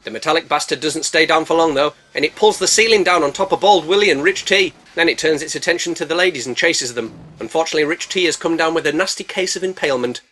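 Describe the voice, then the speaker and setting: A man's voice: fairly high pitch, fast, a bit bright. A man narrating a comedic movie recap in a sarcastic, jokey, slangy way. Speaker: movie reviewer.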